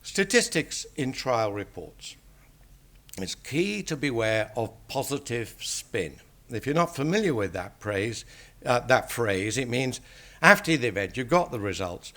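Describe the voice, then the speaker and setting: An older English man, a statistician, giving an academic lecture in a measured, dryly wry manner. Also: fairly low pitch, fairly bright tone.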